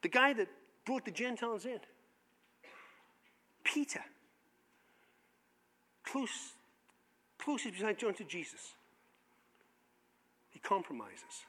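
A man with a strikingly high voice preaches to his church, retelling scripture in everyday slang and slipping into the voices of its characters. His tone is bright and ringing, and the sound lingers in a long hall reverb. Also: takes it slowly, long pauses, husky. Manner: animated storytelling, acts out biblical voices in casual modern speech. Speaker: pastor. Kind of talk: sermon.

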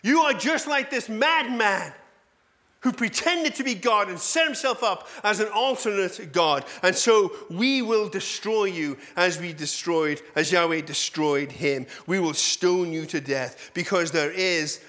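A man voicing an angry male mob that shouts accusations of blasphemy. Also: on the high side, measured pace, hardly any pauses. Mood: furious.

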